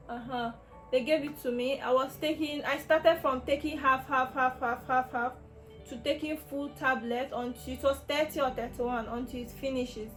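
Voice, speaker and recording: High-voiced Nigerian woman telling her story. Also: steady tone, measured pace, fairly bright tone, faint music behind. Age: young adult. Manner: emotional, rambling storytelling with many restarts. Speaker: vlogger. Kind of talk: personal health story told to camera.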